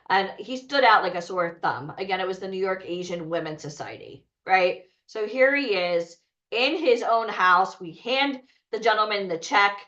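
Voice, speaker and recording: A woman hosting a talent event, telling a lively personal story to an audience, cursing freely and asking them questions. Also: mid-range voice. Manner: animated, swearing, asks the audience questions. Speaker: event host and talent coach. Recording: dull, lo-fi sound.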